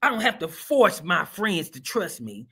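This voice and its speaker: A man's voice: high-pitched, big pitch swings, measured pace, a bit bright, breathy edge. A man hosting and preaching a sermon-style motivational talk, emphatic and folksy, with a repeating preaching cadence. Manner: folksy, colloquial and direct. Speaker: host and preacher.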